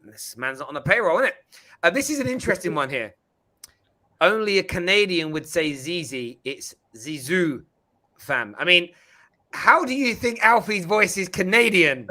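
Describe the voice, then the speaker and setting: A man's voice: high voice, animated, moderate pace, bright, forceful tone. A man hosting a football fan show, bantering and reading out viewer comments. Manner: playful banter, reads out comments. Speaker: host. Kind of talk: fan reaction show chat.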